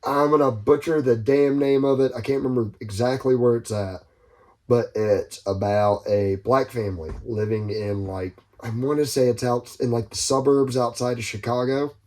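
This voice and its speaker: A man chatting on a podcast, his voice sitting in an ordinary middle register. He tells stories in a loose, rambling way, full of profanity and quick asides. He gets suddenly louder when a story excites him. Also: medium pitch. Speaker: podcast co-host. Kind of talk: casual podcast banter.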